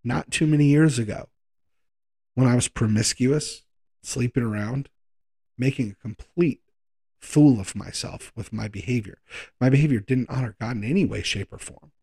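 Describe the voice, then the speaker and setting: This relaxed, chatty sermon comes from a man whose voice is husky and gravelly at a middle pitch. Important words get drawn out, while brief asides are hurried along.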